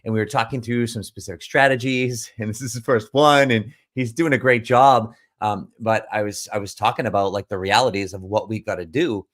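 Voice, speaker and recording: A man's voice: on the low side, fairly even intonation, a little fast, few pauses, a bit bright. A man who coaches business owners, telling a story in a casual monologue, earnest and emphatic, often restarting and repeating words.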